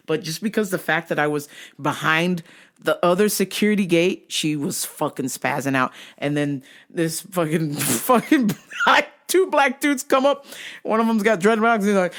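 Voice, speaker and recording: A podcast host telling a comic rant about a run-in with security, profane and exasperated, rising to yells. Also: medium pitch, normal speed. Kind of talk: comedic storytelling rant.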